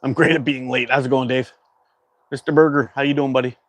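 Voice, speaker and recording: A man's voice: mid-range voice, steady tone, a little fast, dry recording. A man from Canada hosting a casual livestream, chatting and reading viewer comments aloud in a loose, rambling way. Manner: laid-back, rambling with fillers. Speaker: livestream host.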